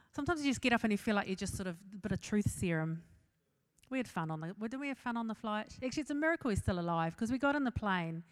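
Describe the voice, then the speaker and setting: A woman's voice: medium pitch, animated, fast talker. A woman in her forties with a New Zealand accent, giving a humorous talk to an audience, chatty and self-mocking, laughing at her own jokes. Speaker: speaker.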